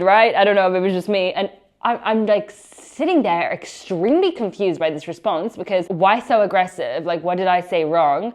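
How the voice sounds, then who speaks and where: A young adult woman vlogging casually to camera, telling a story in a chatty, animated way with lots of fillers. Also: mid-range voice. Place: apartment.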